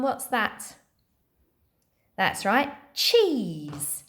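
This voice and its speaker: A woman teacher leading a phonics lesson for young children, speaking slowly and encouragingly and sounding out letters one by one. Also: medium pitch, sing-song.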